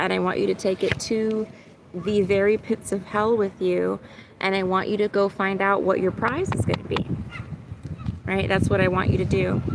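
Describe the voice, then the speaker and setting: A woman with a gravelly voice talks in a loose, rambling vlog monologue, forever checking in with a quick "right?". She is recording outside, and passing traffic is clearly heard behind her. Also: medium pitch. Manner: meandering, frequent "right?" and "like" tags. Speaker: vlogger. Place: outdoors near boats and birds. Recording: outdoor recording with loud traffic noise.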